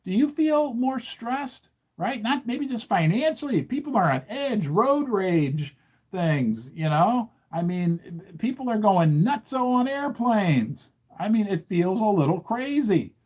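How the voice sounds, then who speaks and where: Animated, indignant male livestream host. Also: sits high, slow pace. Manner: animated, indignant, keeps asking the audience questions. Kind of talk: livestream commentary.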